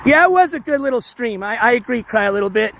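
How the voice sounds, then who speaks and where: High-voiced man streaming on a walk, voice going hoarse. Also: expressive, fast talker. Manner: reads chat aloud, shouts thanks for donations. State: losing his voice. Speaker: livestream host. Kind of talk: casual walking livestream chat. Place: outdoors on city streets, walking dogs. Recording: faint street noise outdoors.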